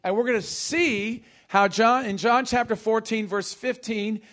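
A male pastor preaching a sermon, leading call-and-response with his congregation and shifting between quick bursts and slow, stressed phrases. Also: sits high, fairly even intonation, fairly bright tone.

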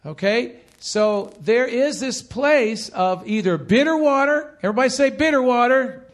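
Animated high-voiced male preacher. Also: measured pace. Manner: animated preaching with call-and-response; repeats phrases for emphasis. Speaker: pastor. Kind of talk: sermon.

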